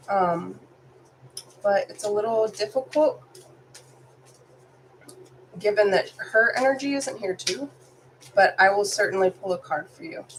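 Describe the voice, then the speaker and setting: A woman's voice: medium pitch, slight background noise, poor audio. A woman who is sick, doing a live tarot reading for viewers, chatty and apologetic, reading card meanings aloud. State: sick, congested. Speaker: tarot reader.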